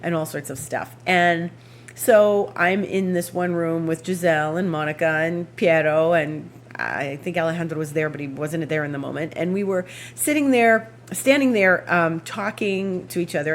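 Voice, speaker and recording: A woman hosting an astrology show, telling a rambling, animated story with frequent laughs and asides. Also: on the low side, moderate pace, a little hiss or hum. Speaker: astrology podcast host. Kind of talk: casual anecdotal storytelling.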